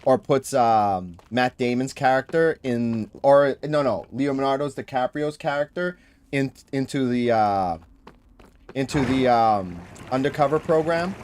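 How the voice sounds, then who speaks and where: A man's voice: mid-range voice, a little slow, darkish tone. A man with a Boston accent chatting casually on a gaming livestream, rambling and friendly as he searches for words. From Boston area, New England. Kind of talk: casual chat.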